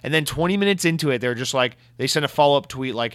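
A man's voice: medium pitch, fast, no echo. A man hosting a show and answering listener mail in a casual, profane, exasperated rant, slipping into mocking voices. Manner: animated, profane, exasperated ranting with mock voices. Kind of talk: casual ranting commentary.

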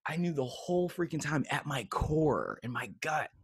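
Animated man telling a personal story. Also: a little high, normal speed, slightly rough, dry recording, clean studio sound. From United States. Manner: animated storyteller who acts out quoted voices. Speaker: guest, creative coach. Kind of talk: casual storytelling interview.

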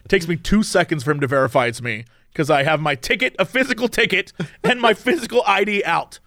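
Close-miked and dry, this man speaks high and with a lot of swing in his pitch. He tells his story casually and animatedly, mimicking the voices of the people in it. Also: expressive, fast, hardly any pauses, bright, forceful tone, no room sound. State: tired from no sleep. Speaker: podcast co-host.

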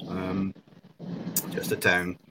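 A man's voice: sits low, monotone, extremely slow, bright, forceful tone, a little hiss or hum, poor audio. A man from Scotland with a Scottish accent, a guest in casual chat, laid-back and easygoing.

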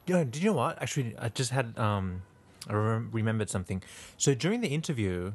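A man's voice: fairly low pitch, very animated, fast. A young man with a light Australian accent, co-hosting a podcast in casual chat, laughing easily. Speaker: podcast co-host.

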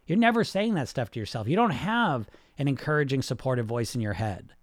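A man hosting a podcast as a weight-loss hypnotist, giving a blunt, profane, rapid-fire motivational monologue. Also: medium pitch, animated, dry recording, studio quality.

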